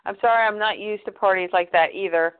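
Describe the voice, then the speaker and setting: A woman's voice: mid-range voice, brisk, clear, resonant tone, natural voice. A woman reading aloud the lines of a modest, joking young male hero, in her plain voice over a phone-like line.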